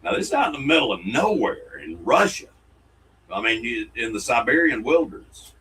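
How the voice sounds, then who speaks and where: A man's voice: mid-range voice, very animated, moderate pace, bright, forceful tone, slight background noise, poor audio. A man, co-hosting a casual podcast and reading fan mail in a folksy, jokey way. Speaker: co-host.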